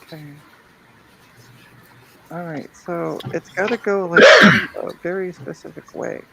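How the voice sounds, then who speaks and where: A woman hosting a retro computer stream, chatting upbeat while she tests hardware and thinks out loud. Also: lowish voice, takes it slowly, creaky, heavy background noise. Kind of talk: casual chat while testing computers.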